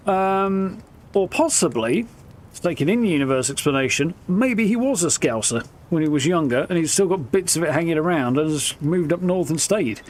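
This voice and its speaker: A man's voice: on the high side, darkish tone. A man giving casual, rambling live gameplay commentary, thinking aloud. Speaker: streamer.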